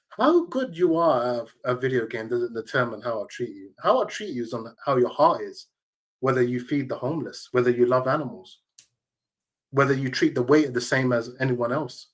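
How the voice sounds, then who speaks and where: A man, a tournament organizer telling emphatic, slang-heavy stories as an interview guest. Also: mid-range voice. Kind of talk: casual interview storytelling.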